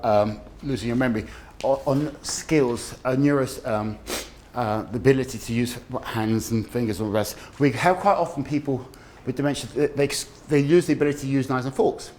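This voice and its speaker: Lively man giving a talk. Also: on the high side, a little hiss or hum. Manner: animated storyteller, acts out quoted voices. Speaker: dementia awareness speaker. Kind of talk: lively public health talk. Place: community event room.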